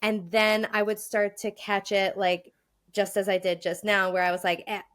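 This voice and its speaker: Lively woman from Long Island. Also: mid-range voice, moderate pace. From Long Island, New York. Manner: lively storyteller, laughs often. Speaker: podcast guest, former speech pathologist. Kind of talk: casual chat.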